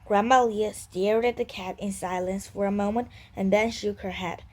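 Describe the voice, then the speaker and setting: A woman reading a children's book aloud in steady storytelling narration. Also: medium pitch, moderate pace, low-quality recording. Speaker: reader.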